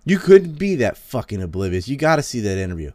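A man's voice: mid-range voice, very animated, fast, dark tone, no echo. A man, ranting in a heated, sarcastic and profane way as he hosts a podcast. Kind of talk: casual ranting monologue.

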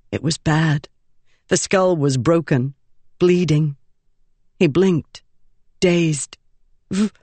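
A narrator reads a fantasy novel in a measured, expressive way, with a slow pace and a lively, wide-ranging pitch. The recording is close and dry, with no room sound. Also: no echo. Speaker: audiobook narrator.

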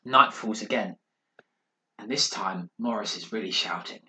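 A man on a podcast telling a ghost story in a dramatic, hushed way, building suspense. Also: on the low side, unhurried. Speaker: podcast co-host. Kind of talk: casual storytelling. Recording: roomy echo.

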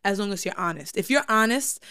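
A woman's voice: mid-range voice, expressive, brisk, pushed and bright, clean tone. A woman co-hosting a podcast, giving frank, agreeable opinions in casual chat. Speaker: podcast co-host.

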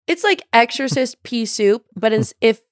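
A woman's voice: a little high, lively intonation, moderate pace, dry recording, studio quality. A woman guesting on a podcast in casual chat, retelling a plot with lots of "like" and restarts. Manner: chatty retelling full of "like" and restarts.

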